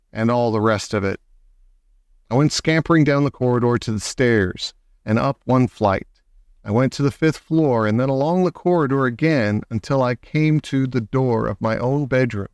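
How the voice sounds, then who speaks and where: A man's voice: mid-range voice, clean tone, no room sound. Male audiobook reader, dry close sound. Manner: measured, expressive reading. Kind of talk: storybook narration.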